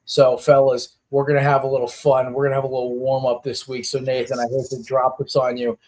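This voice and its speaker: Male podcast host, thirties, casual rambling sports talk, mid-pitched. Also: a little fast. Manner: rambling, filler-heavy, excitable.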